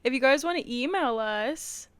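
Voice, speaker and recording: A woman with a Midwestern American accent co-hosting a podcast, chatting in a relaxed, easygoing way. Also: sits high, normal speed, clean tone, dry recording. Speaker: podcast co-host. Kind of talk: casual chat.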